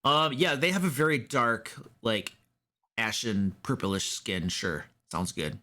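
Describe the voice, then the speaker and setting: A man's voice: mid-range voice, takes it slowly, bright, forceful tone. A man narrating a tabletop game as dungeon master, in a loose, rambling way with many fillers.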